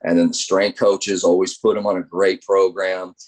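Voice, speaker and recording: A man's voice: low-pitched, normal speed. A middle-aged man, a college baseball coach, telling stories in an interview and acting out the voices of the people he quotes. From United States. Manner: animated storyteller acting out quoted dialogue. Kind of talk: interview storytelling.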